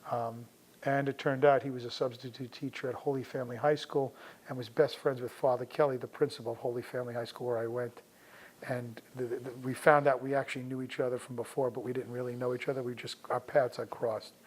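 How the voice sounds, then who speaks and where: A man's voice: mid-range voice, flat delivery, fairly quick, poor audio. A middle-aged man from the New York area, a veterinarian, telling a personal story in a conversational way and acting out the dialogue as he goes.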